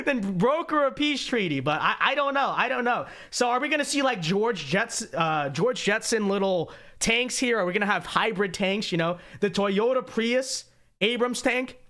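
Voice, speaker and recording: A man's voice: very high voice, sharp tone. A man hosting a political commentary livestream, talking in a sarcastic, mocking way with joking asides. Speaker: host.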